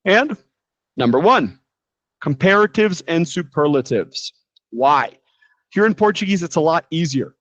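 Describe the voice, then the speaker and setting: A man's voice: a little high, a little slow, pauses often, no echo. Chatty male English teacher, dry dull sound. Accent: American. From United States. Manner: relaxed, chatty explaining with frequent asides. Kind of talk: live English lesson. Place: living in Brazil, teaching from a quiet room.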